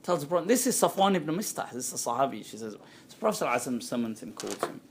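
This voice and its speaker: A man lecturing as an Islamic scholar to a live audience, conversational and animated, acting out quoted voices and laughing often. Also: mid-range voice, vocal fry, a little hiss or hum. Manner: frequent quick laughs. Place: indoor talk before a small audience.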